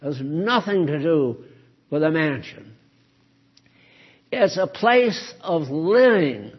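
A man's voice: a little high, expressive, takes it slowly, husky, muffled recording. A man teaching a Bible study sermon, earnest and explaining, leaning hard on key words.

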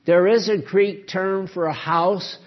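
A man's voice: sits high, steady tone, slow pace, highs cut off. A man teaching a Bible study sermon, earnest and explaining, leaning hard on key words.

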